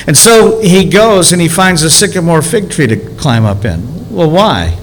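A man's voice: on the high side, sing-song, unhurried, hardly any pauses, slight background noise, poor audio. A man preaching a conversational sermon as a pastor, asking rhetorical questions and drawing out key words.

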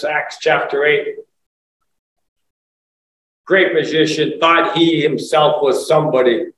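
A man's voice: a little high, a bit bright. A man preaching a conversational sermon, asking rhetorical questions and rising to emphatic exclamations. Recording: echoey room, voice from far off, faint ambience.

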